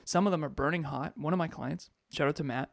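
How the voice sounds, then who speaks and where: A man co-hosting a podcast and coaching, talking in an animated, emphatic way and laughing often. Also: fairly high pitch, fast talker, vocal fry, no room sound, clean studio sound. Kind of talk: casual podcast chat.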